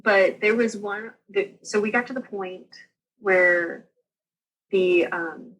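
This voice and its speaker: A woman's voice: medium pitch, slow, highs cut off. A young woman, casually telling her story as a podcast guest and acting out the people she quotes. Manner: animated, acts out quoted voices.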